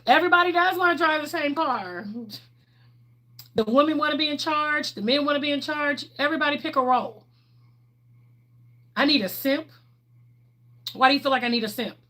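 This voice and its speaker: Woman, middle-aged, livestream host, chatty and candid, somewhat high-pitched. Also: fairly quick, pauses often, pushed and bright. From Texas, USA. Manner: chatty and candid, laughs often. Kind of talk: casual livestream chat answering viewers.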